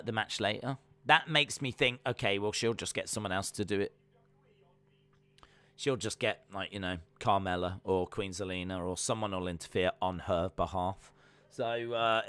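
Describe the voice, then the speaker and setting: Bright-voiced, chatty male streamer. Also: fairly low pitch, clean tone. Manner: casual and rambling, many fillers, reads viewer comments aloud. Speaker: wrestling stream host. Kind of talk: live reaction stream chat.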